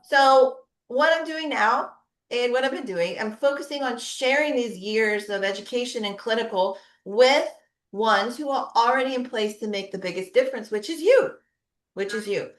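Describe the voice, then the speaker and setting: A middle-aged woman who is a pediatric physical therapist gives a conversational webinar presentation, often adding tag questions. Her voice leans high, her pace is moderate, and the sound is roomy.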